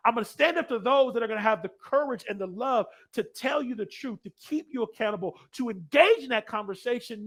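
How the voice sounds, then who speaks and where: Man, high-pitched keynote speaker, loud and energetic, drops to hushed storytelling then shouts. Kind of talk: motivational speech. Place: large room, live audience.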